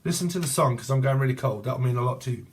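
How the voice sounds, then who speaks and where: A man's voice: mid-range voice, racing, a little hiss or hum. A man in his forties giving a rambling tarot reading, crude and jokey, swearing as he digresses. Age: 40s. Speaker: tarot reader.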